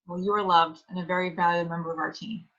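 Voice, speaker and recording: Bright, gushing woman hosting. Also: on the low side, level tone, quick pace. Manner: enthusiastic, gushing. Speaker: host of a live sales event. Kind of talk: upbeat hosting. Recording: dull lo-fi audio.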